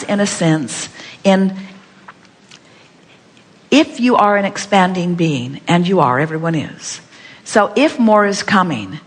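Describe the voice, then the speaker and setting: A woman leading a live seminar, teaching with playful, repeated rhetorical questions. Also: mid-range voice. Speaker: seminar speaker. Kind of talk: inspirational workshop teaching. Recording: long hall reverb.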